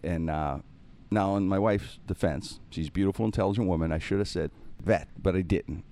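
A man with a notably deep, low-pitched voice chats casually as a podcast host. He tells funny stories with animation, putting on voices for the people in them and laughing along. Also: fairly quick. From Pittsburgh, USA. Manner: animated, acts out voices in anecdotes, laughs often. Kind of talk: casual storytelling.

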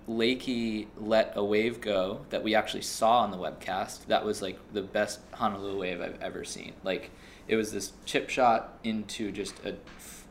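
A man's voice: lowish voice, a little hiss or hum. A man hosting a casual podcast chat, talkative and loose, swearing casually as he asks questions. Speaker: podcast host.

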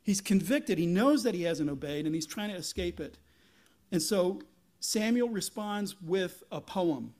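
A man preaching a sermon as pastor, retelling a Bible story in an animated way and often restarting his sentences. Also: high-pitched, a little slow. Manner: animated storytelling, acting out biblical figures, frequent restarts.

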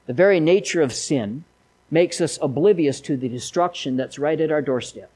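A man's voice: fairly high pitch, moderate pace, darkish tone, poor audio. A man preaching a sermon, mixing folksy stories with emphatic appeals. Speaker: pastor.

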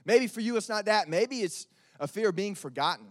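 A man's voice: high-pitched, lively intonation, a little fast, dry recording, studio quality. A young man preaching a casual, joking youth sermon. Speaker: youth pastor.

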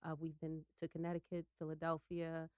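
Woman guest, friendly explainer, low resonant voice. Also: monotone, brisk, clean tone, dry recording. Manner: friendly, explains with small restarts. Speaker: guest, business owner. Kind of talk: podcast guest chat.

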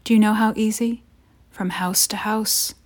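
Sinister mysterious men, woman reading, sly, teasing, hushed, soft. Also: medium pitch, steady tone, moderate pace, natural voice.

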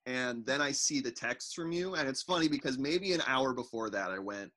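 A man co-hosting a podcast, telling a rambling, self-mocking story at an easy, casual pace. His voice is bright and sits at a middle pitch. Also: lively intonation, moderate pace, few pauses. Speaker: podcast co-host. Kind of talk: casual chat.

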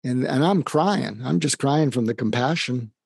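An earnest man tells a personal story at a mid pitch, acting out the lines of people he quotes. The recording is dry and close, with no room sound. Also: lively intonation, normal speed, vocal fry, a little mellow, breathy edge, no echo. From suburb of Boston, USA. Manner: earnest, reflective, acts out quoted dialogue. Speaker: psychiatrist guest.

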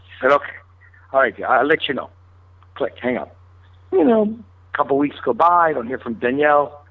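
A man's voice: mid-range voice, lively intonation, a little fast, no room sound. A man telling a long anecdote in a radio interview, acting out both sides of old phone calls. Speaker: guest chef. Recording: tinny phone-line sound.

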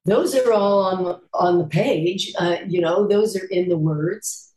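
Slow-talking older actress in a roomy space. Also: female voice, lowish voice, darkish tone. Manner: unhurried, laughs often while telling stories. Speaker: actress and voice actor guest. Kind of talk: casual interview storytelling.

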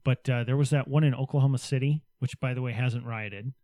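A man's voice: mid-range voice, fairly even intonation, brisk, mellow, no room sound. Guy chatting wryly, mid-range voice, dry close sound, talks around his points. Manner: wry and chatty, with hedging asides. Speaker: podcast co-host. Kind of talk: casual political chat.

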